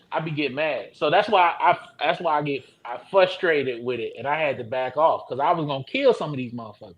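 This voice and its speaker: A man on a podcast panel talking about rap, heated and profane, dropping from low mutters to loud outbursts. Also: fairly quick, hardly any pauses, highs cut off. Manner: heated, swings from low and quiet to loud shouting; profane, animated storytelling. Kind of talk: casual panel chat.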